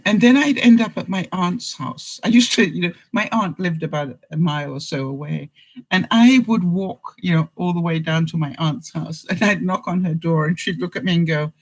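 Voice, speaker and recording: A man's voice: high voice, moderate pace, rough recording. A man from England, hosting a casual vlog and answering viewers in a rambling way, often chuckling and full of fillers. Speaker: vlogger host.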